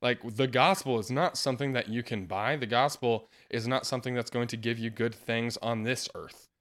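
A man hosting a casual podcast discussion about faith, earnest, laughing often and getting animated when quoting others. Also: mid-range voice, moderate pace. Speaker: podcast host.

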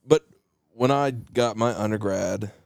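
A man's voice: fairly low pitch, unhurried, creaky, darkish tone, clear, resonant tone, no echo. A man from West Virginia with a West Virginian accent, co-hosting a podcast and telling stories in a joking, casual way. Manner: joking, storytelling. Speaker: podcast co-host, English teacher. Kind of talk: casual chat.

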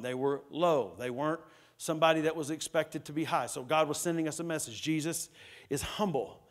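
A male pastor preaches a sermon in a slightly high voice. He tells stories with energy and raises his voice when he acts out what people said. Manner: storytelling, acts out quotes with rising pitch and loudness.

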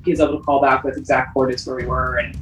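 A woman's voice: very deep voice, little pitch movement, racing, echoey room, recorded from a distance, soft background music, rough recording. A woman telling a story in casual interview talk, with plenty of fillers. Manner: chatty, with many fillers.

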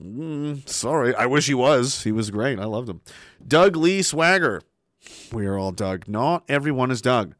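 A man's voice: medium pitch, animated, unhurried, a bit bright, dry recording, studio quality. A man hosting a livestream, chatting casually and sarcastically while reading out chat messages, laughing often and swearing freely.

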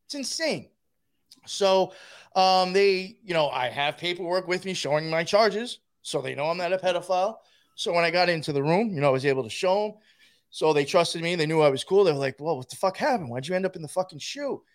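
Male guest, rough-mouthed and rambling, voice sitting a little high. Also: animated, a little fast. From New York. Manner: profane, rambling, laughs while telling. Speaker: guest telling a story. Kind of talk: casual storytelling.

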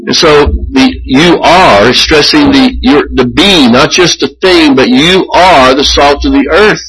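A man preaching a sermon as pastor, earnest and measured, often restarting his phrases. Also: a little high, creaky, fairly bright tone, poor audio.

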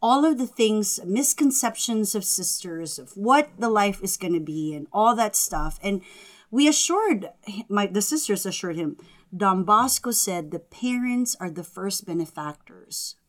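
A woman who is a Catholic religious sister and teacher, telling her story in an interview in an animated, earnest way. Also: medium pitch, measured pace. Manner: animated, earnest, acts out family members' lines.

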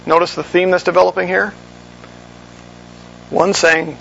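A man preaching an expository sermon. He walks his listeners through scripture verse by verse in a measured teaching manner and sometimes corrects himself mid-sentence. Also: a little high, flat delivery, vocal fry, fairly bright tone, highs cut off, a little hiss or hum. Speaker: pastor.

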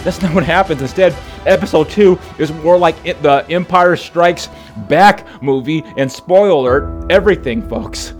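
A man's voice: fairly high pitch, normal speed. A man preaching a conversational sermon, playful and storytelling, calling his listeners "folks". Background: music.

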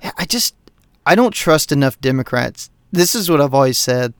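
A man co-hosting a podcast, ranting about politics in a heated, profane, animated way. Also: mid-range voice, moderate pace, smooth, no room sound, studio quality. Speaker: podcast co-host. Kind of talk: casual political rant.

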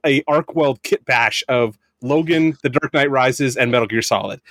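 A man co-hosting a podcast, chatting about movies in a rambling, profane, excitable way with lots of fillers. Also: medium pitch, moderate pace, dry recording, studio quality. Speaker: podcast co-host. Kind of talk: casual movie review chat.

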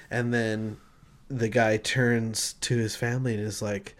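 A man co-hosting a casual comedic chat who rambles through an invented film pitch. He acts out the scenes as he goes, jumping between narration and little bits of dialogue. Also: unhurried. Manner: animated, rambling storyteller acting out scenes. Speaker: podcast co-host pitching film ideas.

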